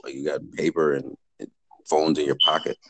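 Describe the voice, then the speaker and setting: A man's voice: extremely low pitch, flat delivery, brisk, a crowd in the background, rough recording. A man chatting casually, blunt and joking, swearing freely. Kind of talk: casual chat.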